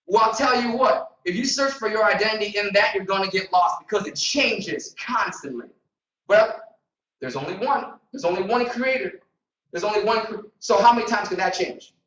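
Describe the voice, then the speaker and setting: A man giving an energetic, repetitive motivational seminar talk to a group in a meeting room. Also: high voice, moderate pace. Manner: energetic, repetitive, preacher-like emphasis. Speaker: motivational trainer. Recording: echoey room, distant mic.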